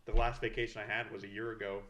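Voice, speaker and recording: Young guy on a podcast, kinda low voice, swears a lot while he tells a story. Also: level tone, fast talker, a bit bright. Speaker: podcast co-host. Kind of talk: casual chat.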